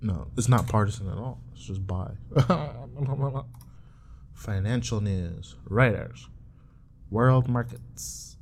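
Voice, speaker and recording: A young male streamer chats casually to himself while browsing, rambling along with profane, joking asides. His voice is lowish and slow, with slight background noise plus keyboard typing and clicks.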